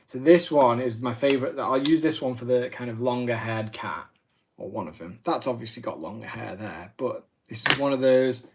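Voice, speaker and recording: A chatty man hosts a live craft demo at a mid-range pitch. He rambles through asides and pokes fun at himself, and his voice drifts as he moves around the desk mic. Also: normal speed, noisy background. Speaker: craft livestream host.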